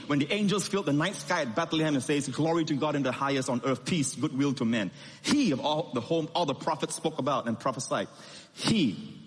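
A man's voice: on the high side, a bit bright. Man preaching in a reverberant hall. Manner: emphatic preaching, rising and falling with stressed words. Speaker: pastor. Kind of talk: sermon.

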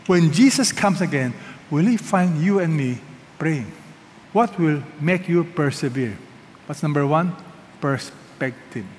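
A man preaching a sermon, emphatic and leading the congregation to repeat phrases after him. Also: fairly high pitch. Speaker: pastor. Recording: reverberant hall with faint noise.

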